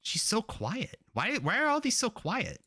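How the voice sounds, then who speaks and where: A high, pushed and bright voice with wildly swooping pitch belongs to a man streaming as a game developer, unhurried as he chats casually. He rambles with plenty of fillers, and a little hiss or hum runs under the audio.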